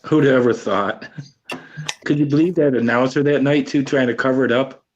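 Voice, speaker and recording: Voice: mid-range voice, normal speed, darkish tone, highs cut off, slight background noise. A person in a casual chat, making wry, sarcastic asides.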